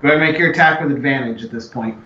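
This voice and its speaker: A man running a tabletop game as game master, narrating in a relaxed way with many fillers. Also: mid-range voice, very fast. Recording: echoey room, dull lo-fi mic with faint hiss.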